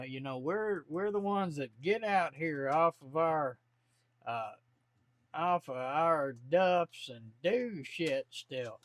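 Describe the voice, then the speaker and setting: A man's voice: high-pitched, no room sound. A man, talking bluntly and folksily to camera from his home office. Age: 40s. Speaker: vlogger. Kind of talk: casual to-camera monologue.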